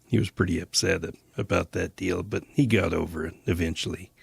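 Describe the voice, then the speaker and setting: A man in his sixties from the Western United States, telling old stories in an unhurried, rambling way full of pauses. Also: sits low, steady tone, vocal fry, heavy background noise. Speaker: storyteller recalling mission days. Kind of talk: casual spoken reminiscence.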